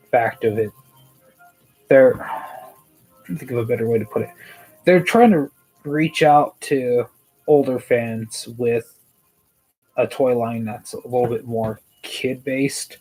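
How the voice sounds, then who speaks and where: A man's voice: medium pitch, dark tone, low-quality recording. A man hosting a casual toy news show, rambling and hesitant, with many fillers, tired and yawning. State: sleepy, yawning.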